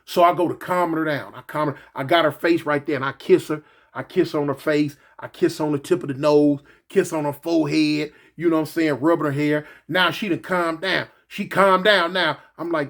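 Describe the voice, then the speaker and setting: La guy telling a story, kinda high voice, lots of "man" and "you know", real animated and casual. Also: brisk. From Los Angeles.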